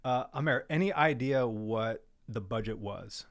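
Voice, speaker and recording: Relaxed male podcast host, mid pitch. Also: measured pace. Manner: short affirmations, relaxed questions. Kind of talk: casual interview chat.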